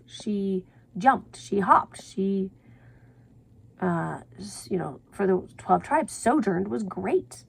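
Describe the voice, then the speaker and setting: A woman's voice: medium pitch, vocal fry, darkish tone, husky. A woman teaching a writing class, chatty and self-correcting, sometimes dropping to a whisper for her examples.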